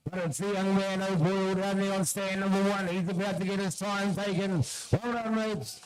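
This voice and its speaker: Kiwi guy commentating shearing live, highish voice, keeps yelling names and egging them on. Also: little pitch movement, normal speed, a little hiss or hum, low-quality recording. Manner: urges competitors on, calling out names.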